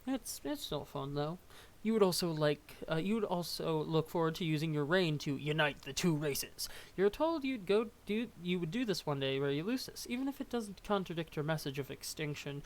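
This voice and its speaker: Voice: medium pitch, expressive, normal speed. A young adult casually reading a webcomic aloud, tripping over words and adding joking asides. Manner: reads with stumbles, asides and laughs. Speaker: webcomic reader.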